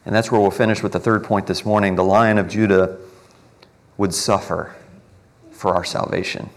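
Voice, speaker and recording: A man preaching a morning sermon as pastor, earnest, building up emphasis and then slowing and softening on key words. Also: low-pitched, steady tone.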